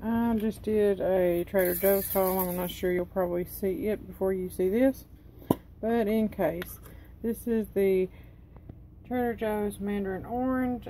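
Against a noisy background, a medium-pitched woman talks her way through a casual cook-along in her home kitchen. She's a tired cooking vlogger whose voice is going, and she rambles chattily, reading the package instructions out loud.

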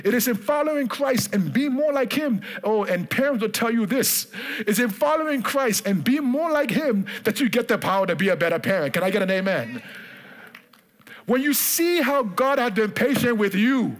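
A man's voice: very high-pitched, animated, normal speed. A male pastor preaching a sermon in church, emphatic and repetitive, calling on the congregation to answer.

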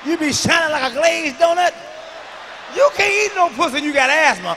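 A man with a very high, bright, forceful voice works a crowd in a profane stand-up routine. He mumbles one moment and shouts the next, and his words ring with a long hall reverb over faint noise. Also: expressive, normal speed. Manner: profane, swings from mumbled asides to shouted punchlines. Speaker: stand-up comedian.

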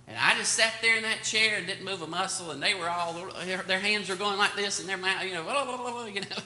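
An older man teaching Sunday school in a church room, his high voice ringing bright and sharp. He tells stories in a meandering way with many ums and uhs, and the room adds a strong echo. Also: fast talker. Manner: rambling storytelling with many fillers. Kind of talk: anecdotal Bible lesson. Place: church classroom. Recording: echoey room.

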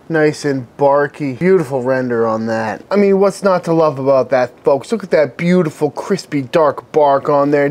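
A relaxed man walks viewers through a barbecue cook, calling them folks along the way. His delivery is upbeat and easygoing, like a host teaching in his own backyard. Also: medium pitch. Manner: savors the food aloud while tasting. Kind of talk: cooking tutorial.

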